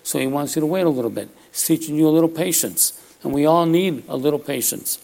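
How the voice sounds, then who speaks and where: Gravelly-voiced man preaching. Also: fairly high pitch, fast talker, a little mellow. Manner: conversational preaching, frequent "all right?" asides. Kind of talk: sermon.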